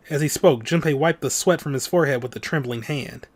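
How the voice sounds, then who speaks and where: A man with a slightly high voice hosts a let's play, reading a visual novel's text aloud dramatically and breaking it up with offhand casual comments. He talks fast with few pauses.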